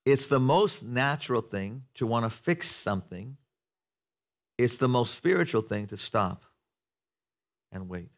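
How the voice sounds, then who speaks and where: A man preaching a sermon to a congregation in a church, talking conversationally, asking the room questions and building to loud, animated passages. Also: mid-range voice, a little slow, pauses often. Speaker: pastor. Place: church sanctuary before a congregation.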